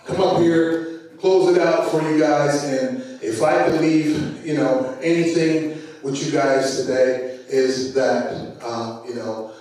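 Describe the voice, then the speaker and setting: A man's voice: on the high side, takes it slowly, a little mellow, distant mic. A man with a Jamaican accent giving a conversational motivational speech at a conference, with many fillers and repeated words. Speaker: conference speaker. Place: large conference hall. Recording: very echoey hall, voice from afar.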